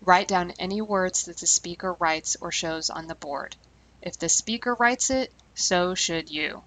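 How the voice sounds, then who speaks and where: A female language teacher delivers scripted instructional narration, speaking clearly and deliberately slowing on key terms. Her voice is fairly low and slightly bright, and the audio quality is poor.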